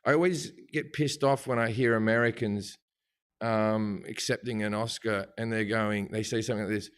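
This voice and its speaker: A man's voice: fairly low pitch, moderate pace, clean tone. A middle-aged Australian comedian in a podcast interview, swearing and mocking as he rants. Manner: swearing, animated, mocking impressions. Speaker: comedian guest. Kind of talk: podcast interview, comic rant.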